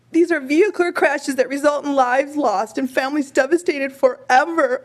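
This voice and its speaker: A woman giving emotional, impassioned testimony at a legislative hearing from a desk microphone, her voice breaking at times. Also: high voice. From Minnesota.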